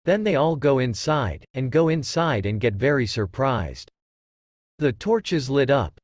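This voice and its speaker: A man's voice: mid-range voice, expressive, measured pace, dry recording. A man narrating a comic recap in a plain, repetitive retelling.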